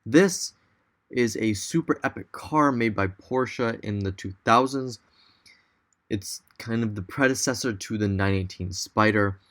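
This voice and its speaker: Young man, fairly low voice, casual voice-over tour narration, enthusiastic, rambling. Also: fairly bright tone. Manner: enthusiastic, loose, thinks aloud. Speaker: car vlogger.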